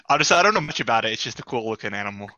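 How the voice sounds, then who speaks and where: A man's voice: medium pitch, big pitch swings, fast talker, sharp tone, no echo, highs cut off. A young man chatting casually while playing a game, playful and defensive, saying dude a lot. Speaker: co-host.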